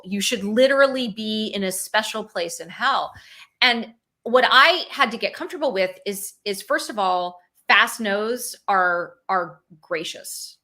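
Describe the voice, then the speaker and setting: A woman's voice: medium pitch, bright, forceful tone. A woman founder and chief executive speaking as an interview guest, thoughtful and peppered with "like" and "you know". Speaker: guest, company founder and CEO. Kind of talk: conversational interview.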